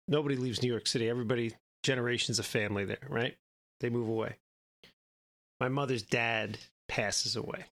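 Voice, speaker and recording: Speaking with a medium pitch and a fairly bright tone, this co-host meanders through a lengthy story on his podcast. He keeps tacking on "right?" as he goes.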